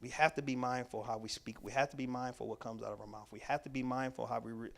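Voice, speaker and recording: A man's voice: mid-range voice, fairly even intonation, fast talker, creaky. Emphatic man teaching a workshop. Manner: emphatic, repetitive preaching cadence; casual, conversational grammar. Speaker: workshop presenter. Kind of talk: teaching talk to a church audience.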